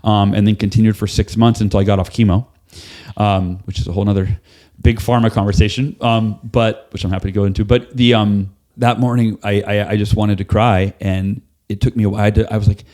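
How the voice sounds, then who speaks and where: A middle-aged man, a podcast guest, telling a candid personal story and acting out the voices of people in it. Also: fast talker. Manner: animated, acts out quoted voices with big pitch jumps.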